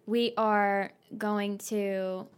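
A young woman co-hosting a podcast in casual chat, calm and reassuring as she finishes her friend's sentences. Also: medium pitch, drawn-out words, clear, resonant tone. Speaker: podcast co-host.

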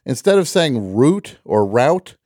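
A man's voice: mid-range voice, big pitch swings, takes it slowly, a little mellow, dry recording, clean studio sound. A man hosting a call-in radio show, chatting in a rambling way with lots of fillers and restarts. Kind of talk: casual call-in radio chat.

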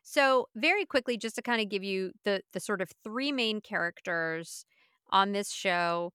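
A woman's voice: mid-range voice, expressive, measured pace, sharp tone, clear, resonant tone, no echo, clean studio sound. A woman co-hosting a podcast, chatting casually and laughing easily. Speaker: podcast co-host. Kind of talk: casual chat.

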